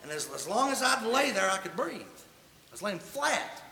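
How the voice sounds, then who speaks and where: A man's voice: high voice, big pitch swings, moderate pace, gravelly, pushed and bright. A man preaching a sermon, telling a humorous personal story in a folksy, colloquial way. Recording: echoey hall reverb.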